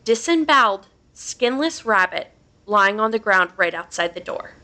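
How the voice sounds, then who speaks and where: Bright-voiced woman reading a creepy tale. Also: mid-range voice, expressive, normal speed. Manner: casual, swears freely, laughs between lines. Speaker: podcast host. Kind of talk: reading a horror story aloud.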